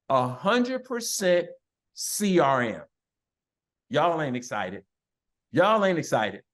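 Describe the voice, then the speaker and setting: A man hosts a motivational team call. His voice is fairly high and swings widely in pitch. He rallies his listeners like a preacher, stretching words out for emphasis. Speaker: business team leader hosting a call. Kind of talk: motivational talk on a conference call.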